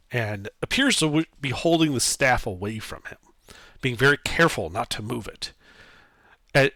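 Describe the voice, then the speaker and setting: A man narrating as game master in a measured, descriptive way. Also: medium pitch, animated, pushed and bright, dry recording.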